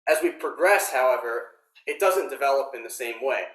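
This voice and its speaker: Man, drum instructor, explanatory, mid pitch, roomy echo. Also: fairly quick, recorded from a distance. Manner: explanatory, relaxed, frequent ums. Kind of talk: workshop teaching.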